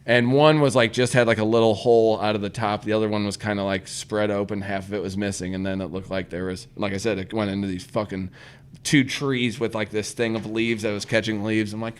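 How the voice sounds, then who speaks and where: A man's voice: fairly low pitch, flat delivery, brisk, clear, resonant tone. Swearing Indiana man rambling through a story. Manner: rambling, heavy swearing, acts out his own reactions. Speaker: podcast co-host. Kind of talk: casual comedic storytelling.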